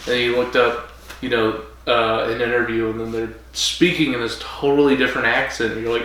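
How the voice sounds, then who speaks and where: A man co-hosting a casual podcast chat, animated and rambling, laughing often between his thoughts. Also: mid-range voice, brisk, slight background noise. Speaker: podcast co-host. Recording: echoey room, mic at a distance.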